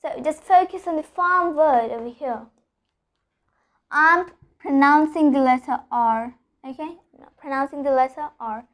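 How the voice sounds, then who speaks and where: A woman teaching an online pronunciation lesson, explaining step by step, repeating example sentences and often checking in with a quick "okay?". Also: high-pitched.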